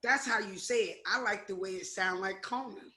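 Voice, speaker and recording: A woman in a group discussion telling lively anecdotes from her work with school kids. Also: medium pitch, fairly quick, crowd noise. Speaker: participant who works with school kids. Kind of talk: casual storytelling in a discussion.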